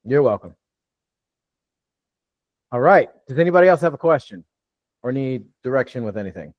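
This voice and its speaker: A man's voice: medium pitch, lively intonation, normal speed, no echo, dull audio. A man from New York coaching a live online training, talking loosely with many restarts over a video call. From New York, USA. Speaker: real estate deal coach.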